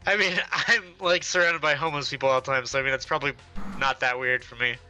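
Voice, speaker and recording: A man's voice: medium pitch, steady tone, quick pace, bright, forceful tone, faint music behind, rough recording. A man playing a tabletop game, joking brashly and swearing as he describes his character's moves. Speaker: player.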